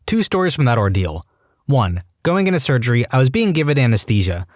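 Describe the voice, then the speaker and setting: Guy reading reddit stories, super lively up-and-down voice, dead dry booth sound. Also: fairly quick, no echo. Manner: animated reading that jumps into high-pitched acted quotes. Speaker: podcast narrator.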